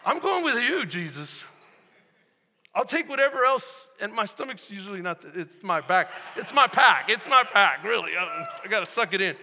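A Texan pastor with a very high, piercing bright voice preaches in an animated way, acting out the scene and swinging from shouts to hushed asides. His sermon rings with the long reverb of a church hall. The delivery is energetic and theatrical. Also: normal speed.

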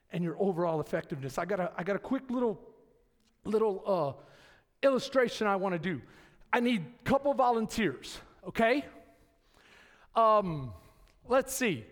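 A middle-aged man preaching a sermon as pastor, telling stories and calling out to his congregation. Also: very high voice. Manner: animated storytelling, calling out to the congregation. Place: church sanctuary with congregation. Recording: long reverb of a large hall.

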